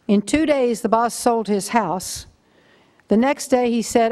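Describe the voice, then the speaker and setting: A woman's voice: on the high side, takes it slowly, pauses often, darkish tone. An older woman preaching a sermon in a conversational, storytelling way. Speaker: guest preacher.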